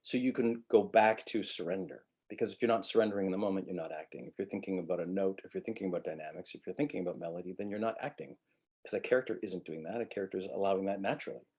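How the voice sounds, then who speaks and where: A man teaching an acting webinar, blunt and profane, acting out quick lines of dialogue as examples. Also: deep voice, husky. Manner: blunt, profane, animated, acts out quick quotes. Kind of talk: webinar lecture.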